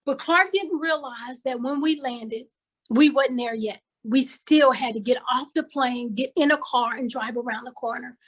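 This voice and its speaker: A woman's voice: sits high, normal speed, slightly rough, poor audio. An older woman from Kansas City giving a motivational talk as a conference speaker, telling a story with emphatic, repeated phrases like a preacher, heard over a video call. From Kansas City, USA.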